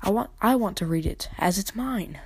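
A woman voicing a spoiled, demanding young boy who whines and insists, in a mellow voice. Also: medium pitch, lively intonation, normal speed, slightly rough, no echo.

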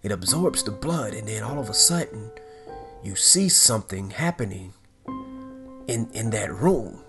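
A man casually recapping a horror movie, animated and excitable, full of fillers and asides. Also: fairly low pitch, a little slow, over music. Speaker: movie reviewer.

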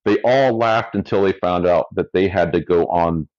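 A man's voice: low-pitched, normal speed, muffled recording. A man, a firefighter and paramedic, casually telling a story from his job in a dry, amused way. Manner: relaxed, dry storyteller who laughs at his own story.

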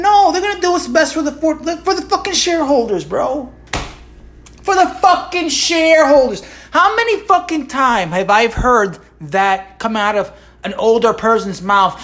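A woman's voice: sits high, very animated, moderate pace. Profane ranting podcast host woman. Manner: rhetorical asides. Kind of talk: solo podcast rant.

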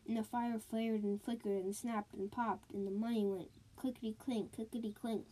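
A woman's voice: medium pitch, fairly even intonation, normal speed, few pauses, warm tone, low-quality recording. A woman telling spooky folk tales aloud, with sound words and sing-song repeated lines. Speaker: storyteller. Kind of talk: spooky storytelling.

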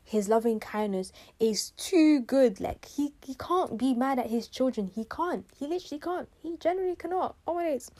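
Chatty young woman podcasting. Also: fairly high pitch. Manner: animated, chatty, slangy and emphatic. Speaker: podcast host. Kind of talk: casual faith-based self-care talk.

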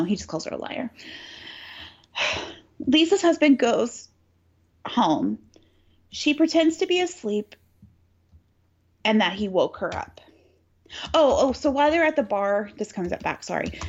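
A talkative woman with a somewhat high voice recaps a plot in loose, conversational chat. She sprinkles in "like" and "um" and dry, sarcastic asides. The recording sounds dull and lo-fi. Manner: chatty storyteller, lots of "like" and "um", sarcastic asides. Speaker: podcast co-host recapping a film. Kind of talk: casual chat.

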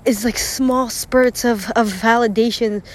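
A woman's voice: fairly high pitch, steady tone, unhurried. Emotional young woman venting, sighing. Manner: rambling, lots of "like", swearing, sighs and nervous laughs. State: emotional, close to tears. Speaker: vlogger. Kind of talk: emotional personal monologue.

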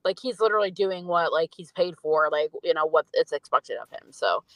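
A woman's voice: low-pitched, lively intonation, fairly quick, dry recording, low-quality recording. A young woman chatting casually as a podcast co-host, rambling and filling her talk with "like". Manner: rambling, fills speech with "like". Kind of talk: casual film review chat.

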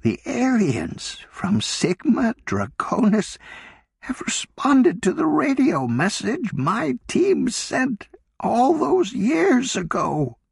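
A man's voice: sits high, huge pitch swings, slow, creaky, breathy edge, dry recording, clean studio sound, voice pushed up, heavily acted. A man voicing an elderly woman astronomer who sounds breathless and disbelieving. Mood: awed.

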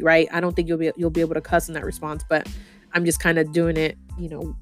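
A woman's voice: low voice, little pitch movement, quick pace, soft background music. A woman hosting a podcast, giving casual marketing advice in a chatty, slangy way, often acting out example quotes. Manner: slangy and chatty, with many fillers like "like" and "you know"; acts out example quotes in the voices of customers and owners. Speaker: podcast host and marketing advisor.

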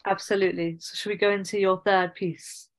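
A woman hosting a podcast interview, speaking in a calm, measured way. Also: medium pitch, rough recording. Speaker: podcast host. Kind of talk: interview conversation.

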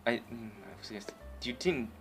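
A man's voice: lowish voice, fairly quick, fairly bright tone, faint music behind. A tipsy young man co-hosting a podcast, stammering and swearing through laughing late-night banter. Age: young adult. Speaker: podcast co-host. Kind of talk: casual late-night chat.

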